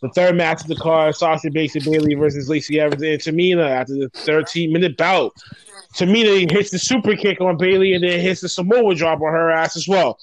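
A man hosting a casual podcast, recapping matches briskly and steering the talk on. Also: on the high side, fairly even intonation, a little hiss or hum, rough recording. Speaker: podcast host.

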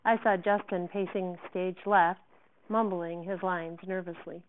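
A woman teacher reading a novel aloud in an expressive first-person voice. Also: on the low side, a little slow, a little hiss or hum. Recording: tinny phone-like sound.

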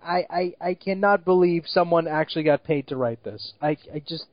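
A man's voice: a little high, normal speed, no echo, dull audio. A man co-hosting a casual movie review chat, ranting with exasperation, swearing often and laughing at what he mocks. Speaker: movie review podcast co-host.

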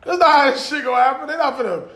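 A man with a high voice chatting casually on a podcast, full of laughter and swearing. His voice bounces around an echoey room. He tells stories by acting out what people said. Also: racing. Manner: laughing, profane, animated storytelling. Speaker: podcast co-host. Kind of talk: casual chat.

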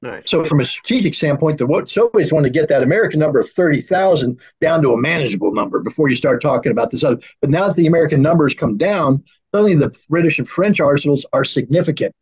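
Husky man acting out both sides. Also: a little high, animated, fast talker, darkish tone, rough recording. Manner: acts out both sides in mock dialogue. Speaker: guest arms control expert. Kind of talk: animated political discussion.

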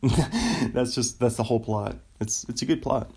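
A man's voice: medium pitch, measured pace, a little mellow, husky. A man rambling in a casual solo chat, often trailing off and laughing at his own ideas. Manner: meandering, self-interrupting, laughs often.

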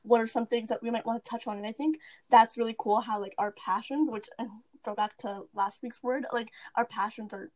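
Giggly high-voiced teen girl podcaster. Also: fairly even intonation, brisk, hardly any pauses, a little mellow. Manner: giggly, rambling, lots of "like". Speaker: podcast co-host. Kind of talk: casual chat.

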